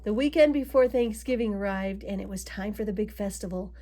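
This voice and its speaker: A woman reading a children's picture book aloud, adding gentle asides to her young listeners. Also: mid-range voice, fairly quick. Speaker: storybook reader.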